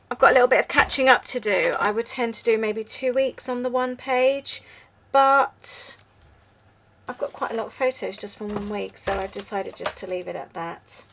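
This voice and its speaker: A woman in her thirties hosting a relaxed journaling vlog, chatting and musing aloud while she works. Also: on the high side, a little hiss or hum. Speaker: journaling channel host. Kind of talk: casual crafting chat.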